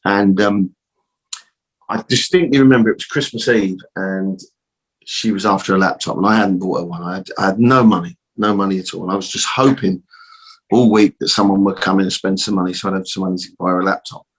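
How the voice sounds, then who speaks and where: Middle-aged bloke, low husky voice, rambly storytelling, says bloody a lot. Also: male voice, steady tone, brisk. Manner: rambling, repeats words, swears mildly. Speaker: guest, optical shop owner. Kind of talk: casual storytelling interview.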